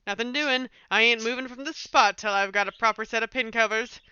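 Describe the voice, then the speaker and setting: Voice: medium pitch, a little fast, sharp tone, smooth, lo-fi sound. A streamer voicing a sassy, tough-talking 1920s flapper woman from a video game, full of brash period slang and snappy comebacks.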